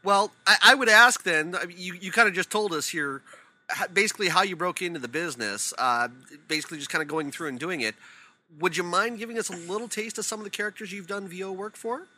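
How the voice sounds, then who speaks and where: A man's voice: high-pitched, fast, bright, forceful tone, poor audio. A man co-hosting an interview, hesitant and stumbling over his words as he asks questions. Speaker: co-host. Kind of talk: casual interview chat.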